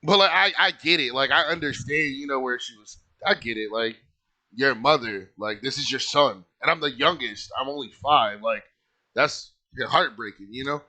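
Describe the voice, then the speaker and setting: A man with a bright, forward voice tells a story from his own life in a loose, conversational ramble. He fills his sentences with "like" and "you know" and speaks with plain, heartfelt earnestness. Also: medium pitch, normal speed. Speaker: channel host telling his own story. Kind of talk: casual personal storytelling.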